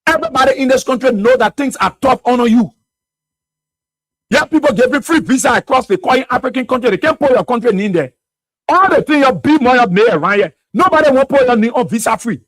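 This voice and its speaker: A man's voice: very high-pitched, animated, a little fast, fairly bright tone, no echo. A Liberian man hosting a radio talk show, delivering fiery political commentary full of rhetorical questions. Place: radio studio.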